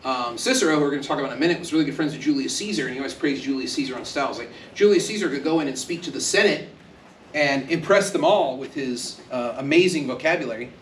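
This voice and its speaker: A man's voice: medium pitch, animated, fast, a little hiss or hum. Man lecturing in an echoey classroom. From Texas. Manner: conversational, joking, acts out quoted voices. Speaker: university lecturer. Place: university classroom. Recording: echoey classroom, speaker far from mic.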